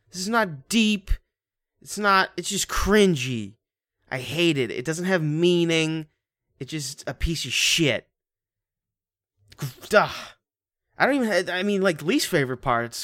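A man co-hosting a casual chat, ranting and swearing about a film with lively outbursts. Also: a little high, a little slow, pauses often, dry recording. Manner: animated, profane, ranting.

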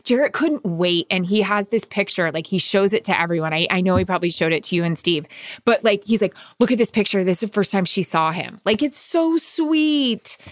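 A woman co-hosting a podcast, telling a personal story in casual chat with emotional, excited bursts. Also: medium pitch, brisk, dry recording, studio quality. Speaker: podcast co-host.

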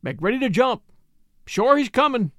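A man's voice: very high voice, huge pitch swings, unhurried, a bit bright, no echo, clean studio sound, voice pushed up, exaggerated voice. A man voicing a terse, practical Western cowboy ranger who speaks in short clipped remarks, in an audiobook reading. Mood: urgent.

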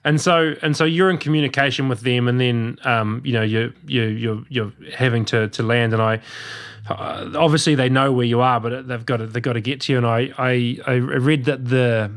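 A man interviewing a guest, asking questions in a halting, attentive way. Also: medium pitch, fairly even intonation.

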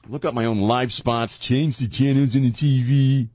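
A man's voice: medium pitch, steady tone, moderate pace, hardly any pauses, darkish tone, no echo. A male radio host in casual on-air banter, teasing and sarcastic, often laughing. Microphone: studio microphone.

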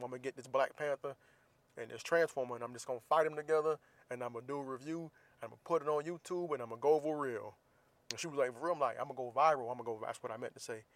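A man in his thirties, casually telling a teasing story and giving blunt, profane advice in a relaxed monologue. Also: mid-range voice, dry recording. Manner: laid-back, teasing, profane. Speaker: vlogger.

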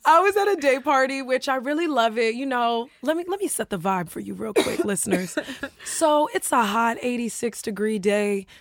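A young woman spins an anecdote on a podcast, acting out every line with gasps and laughs. Her voice sits a touch high, recorded close and dry with no room sound. She swings animatedly between narration and quoted voices. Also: lively intonation, normal speed, no echo. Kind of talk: casual storytelling chat.

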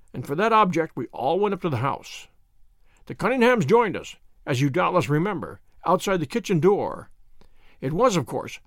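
A man doing a confident sharp detective. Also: fairly high pitch, dry recording, clean studio sound. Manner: measured, explanatory.

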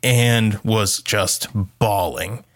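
Animated man telling a family story. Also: lowish voice, extremely slow. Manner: animated, acts out quotes with a raised voice. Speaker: podcast co-host. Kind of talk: casual storytelling chat.

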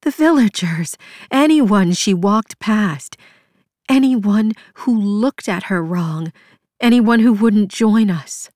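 A woman's voice: medium pitch, lively intonation, slow pace, darkish tone, dry recording, clean studio sound, pitched above the performer's own voice. A woman voicing an anguished, guilt-stricken young woman in an audiobook, pleading through sobs and slipping into whispers. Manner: sobbing, pleading, breaks into whispers. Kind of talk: audiobook character voice.

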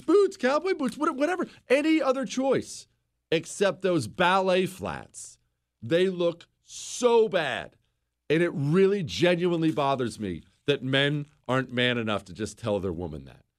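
A man hosting a talk show, ranting sarcastically and with emphasis. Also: sits high. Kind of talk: opinionated radio talk.

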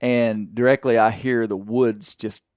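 A man's voice: lowish voice, fairly even intonation, unhurried, a little mellow, clear, resonant tone, dry recording. Southern man, podcast host, rambling folksy storyteller, dry close mic. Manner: folksy, rambling with fillers and restarts. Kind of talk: casual storytelling chat.

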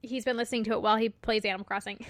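Casting: young woman podcast co-host, fairly high voice, giggly and emotional, dry close sound. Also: steady tone, no echo. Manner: giggly, emotional, quick to laugh. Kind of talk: casual chat.

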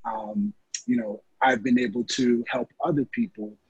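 A man's voice: medium pitch, fairly even intonation, a little slow, husky, no room sound, muffled recording. A man who works as a fitness trainer, answering interview questions in an earnest, casual way with lots of fillers. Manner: earnest, many fillers like um and you know.

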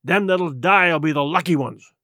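A man voicing a gruff one-legged pirate cook who talks in rough sailor dialect and blusters threats. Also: on the high side, normal speed, sharp tone, no room sound, clean studio sound. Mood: furious.

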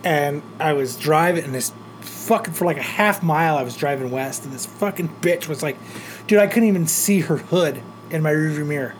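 Rambling, cursing man with a higher voice. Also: normal speed, slight background noise. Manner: swearing, rambling storyteller. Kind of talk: casual chat.

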